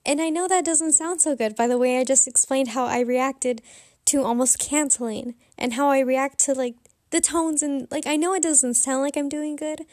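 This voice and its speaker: A woman's voice: high voice, normal speed, a little mellow, dry recording, studio quality. A young adult woman telling a candid, rambling personal story in a casual confessional vlog. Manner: candid, rambling, self-reflective. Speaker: vlogger.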